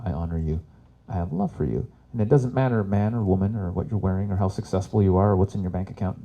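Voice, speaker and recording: A man's voice: deep voice, fast, warm tone, highs cut off. A man in his forties from Canada doing chatty stand-up comedy as a workshop host. He swears freely and laughs at his own jokes. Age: 40s. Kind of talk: live stand-up comedy talk.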